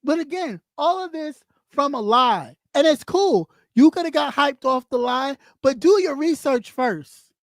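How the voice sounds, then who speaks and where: A woman's voice: high-pitched, lively intonation, measured pace, no echo, clean studio sound. A woman streamer delivering a blunt, mocking rant full of swearing. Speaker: YouTube streamer. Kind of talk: profane rant on camera.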